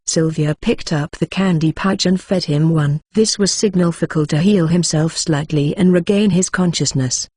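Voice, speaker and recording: A computer-generated narrator reading a fantasy audiobook. The pacing is even and mechanical. The voice has a breathy edge, and the sound is dry and close. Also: medium pitch, normal speed, few pauses, no room sound. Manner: even, mechanical reading, speaks punctuation aloud. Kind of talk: scripted narration.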